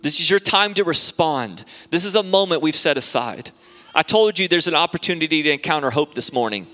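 A man's voice: a little high, lively intonation, a little fast, bright, forceful tone, faint music behind. A man preaching a sermon as a pastor, earnest and repetitive, building to fervent prayer. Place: church sanctuary. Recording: long hall reverb in a church.

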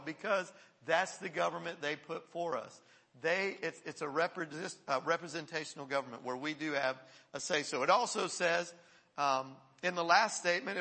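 A man preaching a sermon as pastor, reading historical quotations slowly and often restarting his sentences. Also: high voice, bright, forceful tone.

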